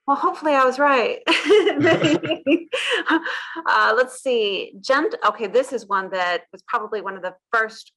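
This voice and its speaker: A woman's voice: on the high side, unhurried, fairly bright tone. A woman hosting a casual interview chat, upbeat, repeating words back and laughing at her own slips. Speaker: host.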